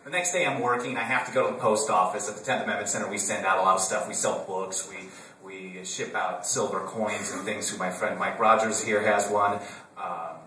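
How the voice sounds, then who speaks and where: A man's voice: on the low side, moderate pace, pushed and bright, a little hiss or hum. A man from Wisconsin giving a humorous political talk to a live audience, conversational and full of joking asides. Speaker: conference speaker. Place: conference room with an audience. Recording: roomy hall from a distance.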